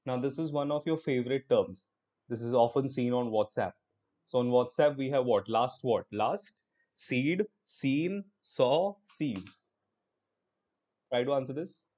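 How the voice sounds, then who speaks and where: A man's voice: mid-range voice, normal speed, mellow, lo-fi sound. A young male online English teacher with an Indian English accent, teaching a live class in an upbeat, encouraging way and slipping into Hindi.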